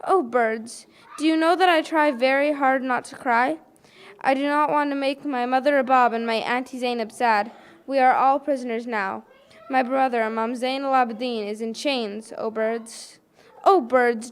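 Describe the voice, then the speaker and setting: A woman's voice: high voice, moderate pace, clean tone, natural voice. A woman voicing a grieving orphaned little girl held in prison, reciting an elegy poem in a lamenting way. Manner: lamenting, repeated plaintive calls.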